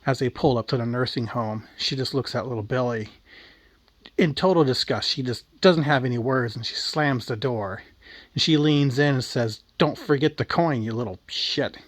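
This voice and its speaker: A man narrates a crude, darkly comic story in an offhand, casual way. His voice sits at an ordinary mid pitch. The recording is close and dry. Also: moderate pace, dry recording.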